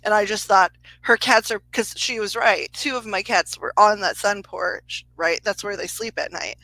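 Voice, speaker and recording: A woman's voice: mid-range voice, steady tone, normal speed, sharp tone, low-quality recording. A woman psychic medium telling a story in a casual livestream reading, chatty, laughing often and swearing freely.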